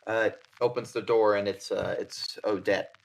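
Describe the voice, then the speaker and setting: A man's voice: lowish voice, steady tone, normal speed, gravelly. A man narrating a tabletop horror game as game master, loose and casual with fillers.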